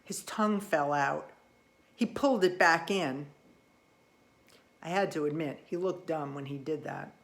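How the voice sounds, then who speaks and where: A woman narrating a children's storybook in the first person, with expressive, lively delivery. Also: low voice, a little slow, long pauses. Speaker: audiobook reader.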